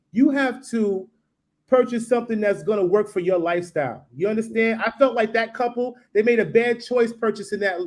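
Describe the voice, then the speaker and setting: A man with a fairly high voice tells stories in a loose, rambling live-stream chat. He restarts his sentences and keeps checking in with his listeners. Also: a little mellow. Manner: rambling, restarts, asks "you know what I mean?". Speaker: guest building in the Caribbean.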